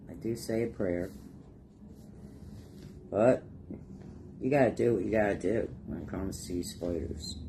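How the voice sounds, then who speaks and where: Painting a craft project on camera, a middle-aged vlogger tells meandering, folksy stories and laughs softly along the way. His mellow voice sits low, moving at a measured pace with frequent pauses, and there's a little hiss or hum in the recording.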